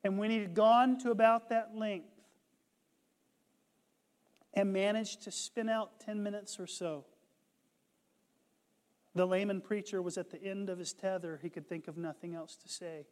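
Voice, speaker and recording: A man preaching a sermon, retelling a conversion story and building to impassioned shouts. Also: sits high, steady tone, measured pace, long pauses, in a large hall. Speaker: pastor.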